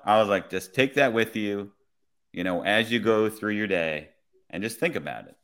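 A man, a police officer, telling a work story in a relaxed, conversational way. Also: sits low. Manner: relaxed, conversational, many "I was like" retellings. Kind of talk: casual storytelling.

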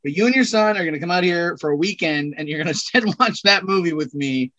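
A man's voice: high voice, expressive, quick pace, bright, forceful tone, dull audio. Rambling, joking man guest. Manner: rambling, joking, laughs at himself. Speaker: podcast guest. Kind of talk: casual chat.

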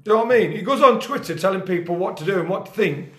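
Talking very fast in a high, expressive voice, a grassroots football coach hosts his podcast from a reverberant kitchen. The casual football discussion turns into loud, furious rants laced with constant swearing.

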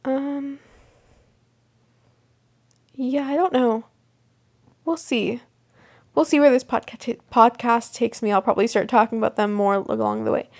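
A woman's voice: on the high side, animated, unhurried, long pauses. A young woman hosting a casual solo podcast, rambling with lots of fillers and restarts. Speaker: podcast host. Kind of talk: casual solo podcast chat about a TV show.

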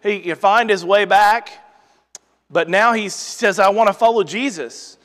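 A man hosting a Bible teaching podcast, reading scripture aloud and then explaining it in a relaxed, conversational way. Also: sits high, a little slow. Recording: long reverberant hall sound.

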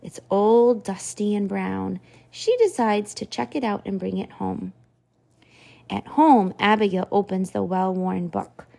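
A woman in her thirties reading a storybook aloud to her children, expressive and stopping to ask them questions. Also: medium pitch, a little slow, vocal fry. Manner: expressive, asks the kids questions.

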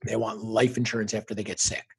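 A middle-aged man speaking as an interview guest, earnest and reflective, telling personal stories and lively when quoting others. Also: fairly low pitch, quick pace, slight background noise. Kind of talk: conversational interview storytelling.

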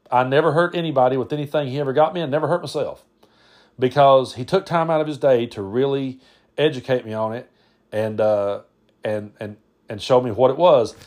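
A man, hosting a podcast and telling casual stories about family, rambling and often restarting his words. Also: mid-range voice. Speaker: podcast host. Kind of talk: casual storytelling monologue.

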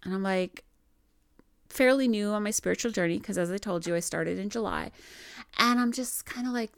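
A woman's voice: mid-range voice, normal speed, gravelly, clear, resonant tone. A woman from Minnesota hosting a podcast, telling personal stories in a chatty, laughing way. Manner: chatty, laughing often, frequent "like" fillers. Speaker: podcast host. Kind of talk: casual spiritual storytelling.

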